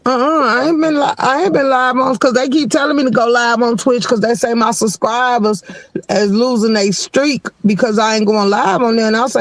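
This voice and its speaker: A man's voice: very high-pitched, fairly even intonation, normal speed, fairly bright tone, no echo. A man hosting his live stream, rambling along in casual, laid-back chat.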